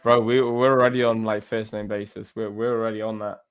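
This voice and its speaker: Male stream host, lower voice, loose laughing banter full of bro and mate, soft music behind. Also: flat delivery, fairly quick, clean tone, lo-fi sound. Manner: joking, laughs often, calls people bro and mate. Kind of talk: casual banter on a live stream.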